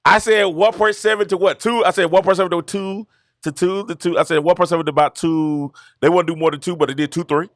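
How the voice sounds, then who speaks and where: A man from Georgia, hosting a casual sports talk stream and telling stories in an animated, repetitive way. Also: high-pitched, fast, no room sound, clean studio sound. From Georgia, USA. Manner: animated, repetitive storytelling with laughs. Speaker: show host. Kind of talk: casual commentary livestream.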